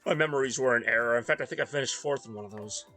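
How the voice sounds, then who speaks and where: A man's voice: mid-range voice, very fast, bright, forceful tone, soft background music. A man from the Northeast US, tired and rambling in casual chat while streaming a racing game. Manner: rambling, self-deprecating, mumbly asides.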